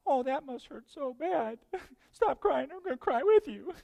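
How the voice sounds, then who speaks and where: A man voicing a fussing mother in a high, cooing mimicry during a sermon. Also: expressive, a little slow, creaky, dark tone, no room sound, big-room sound, heavily acted. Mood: doting. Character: fussing mother, soft then stern, middle-aged woman.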